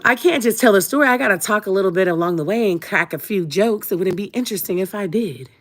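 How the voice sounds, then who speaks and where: A woman's voice: mid-range voice, animated, fast talker. Chatty young woman storytelling on a live. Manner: chatty, joking asides to viewers, frequent laughs. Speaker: livestream host telling her story. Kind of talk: casual storytelling to a live chat.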